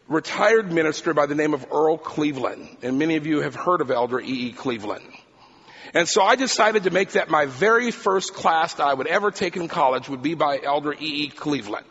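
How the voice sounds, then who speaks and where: A male preacher telling a personal story in a sermon, talking fast and animated. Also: a little high, breathy edge, long reverb tail, dull audio.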